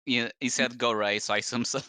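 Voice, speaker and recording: A man playing a tabletop game, joking and asking quick rules questions. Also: medium pitch, fairly even intonation, pushed and bright, a little hiss or hum. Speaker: player.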